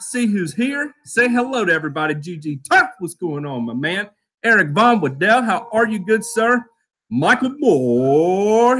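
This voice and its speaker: A man hosting a live lawn care show, reading out chat names with loud, playful shout-outs. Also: high-pitched. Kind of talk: live stream chat roll call.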